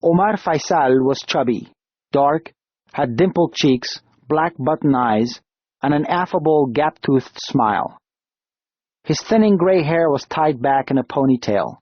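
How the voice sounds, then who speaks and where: A man reading an audiobook in a calm, measured narration. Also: a little high, no room sound. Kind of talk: scripted narration. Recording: dull, dry lo-fi studio read.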